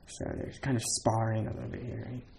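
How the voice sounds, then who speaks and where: A man's voice: lowish voice, vocal fry, darkish tone, slight background noise. Casual male Zen teacher giving a talk. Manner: casual, lots of "like" and "um", laughs between points. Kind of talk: dharma talk.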